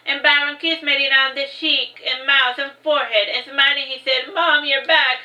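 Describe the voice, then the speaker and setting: A woman with a high, very bright voice reads her own novel aloud in a casual, unpolished way. She often stumbles, corrects herself and breaks off into chatty asides. The room around her gives a noticeable echo. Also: level tone, moderate pace, muffled recording. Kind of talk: casual audiobook reading. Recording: roomy echo.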